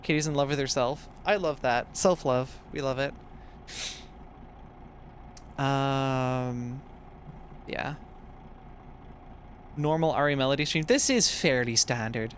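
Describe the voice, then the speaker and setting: A man's voice: medium pitch, takes it slowly, pauses often. A man in his twenties, a streamer chatting playfully and reading his chat aloud while he plays a game. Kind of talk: casual live-stream chat while gaming. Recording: truck engine noise from the game.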